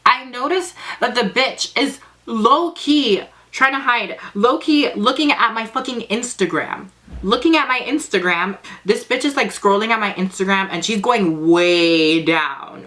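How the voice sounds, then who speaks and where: A woman's voice: medium pitch, a bit bright. A young woman telling a dramatic story in a casual vlog, sassy and heavily profane. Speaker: vlogger.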